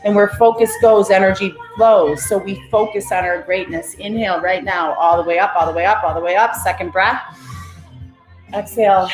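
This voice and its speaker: A woman coaching a live guided breathing and affirmation session, calling out energetic cues and greeting viewers by name. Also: mid-range voice, normal speed. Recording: roomy echo, faint music behind.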